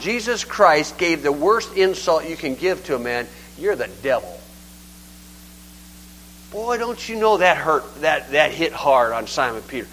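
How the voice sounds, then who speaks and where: A man's voice: a little high, pushed and bright, low-quality recording. An older man preaching a sermon in a folksy, conversational and emphatic way.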